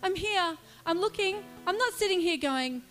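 A woman's voice: very high voice, animated, moderate pace, fairly bright tone, faint music behind, voice pushed up. A woman voicing God as a loving father waiting for his children, pleading, repeating herself and speaking tenderly. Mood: longing.

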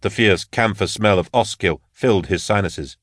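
A man narrating an audiobook in a measured, steady way. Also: lowish voice, dry recording, clean studio sound. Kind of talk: scripted narration.

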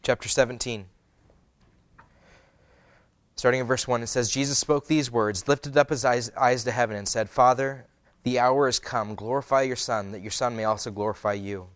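A man preaching a sermon, reading scripture aloud and then retelling it in lively, casual words with many fillers. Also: mid-range voice, a little fast, no room sound. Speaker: pastor.

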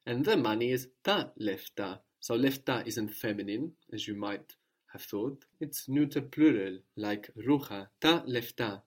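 A man's voice: mid-range voice, expressive, unhurried. A man teaching a language lesson, patiently prompting with questions and repeating each answer.

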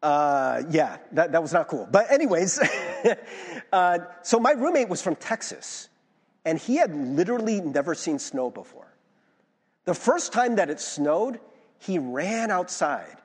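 A young pastor preaching in a casual, animated way, with his pitch leaping high and low and a playful, self-mocking tone. His voice is fairly high and a bit husky, and it rings out with the long reverb of a large hall. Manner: animated, chatty, self-mocking, frequent "right?". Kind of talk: sermon.

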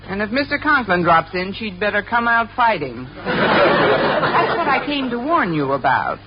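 An actress playing a quick-witted female schoolteacher in a 1950s radio sitcom, breezy and wisecracking, heard in an old radio broadcast with audience laughter and hiss. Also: mid-range voice, big pitch swings, lo-fi sound, over a noisy crowd.

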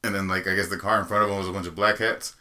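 Lower-pitched podcast guy, rambles a lot, um uh you know, bright edgy tone. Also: level tone, racing. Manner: rambling, hesitant, lots of fillers. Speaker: podcast co-host. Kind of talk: casual chat, storytelling.

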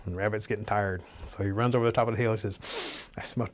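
Low-voiced guy telling a folk story, animated, speeds up and slows down. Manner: animated, changing pace and pitch for effect.

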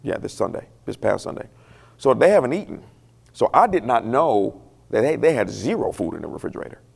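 A male pastor with a heavily gravelly, creaky voice tells a story from the pulpit. He talks in a loose, conversational way, turns emotional and keeps asking the congregation questions. His pitch sits in an ordinary middle range for a man. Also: sing-song, brisk. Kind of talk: storytelling sermon.

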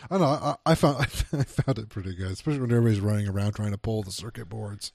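A man's voice: fairly low pitch, quick pace, vocal fry, darkish tone, no room sound, clean studio sound. A man co-hosting a film podcast, chatting casually and reading review quotes aloud with hesitant restarts. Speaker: podcast co-host.

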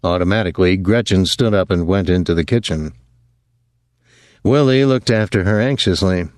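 A man narrating an audiobook in a measured, even storytelling voice. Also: low-pitched, no echo, studio quality. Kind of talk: scripted narration.

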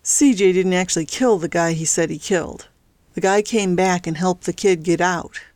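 A woman's voice: lowish voice, normal speed, darkish tone, dry recording, lightly acted. Woman playing a cold crime boss. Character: gruff male crime boss, cold and controlling.

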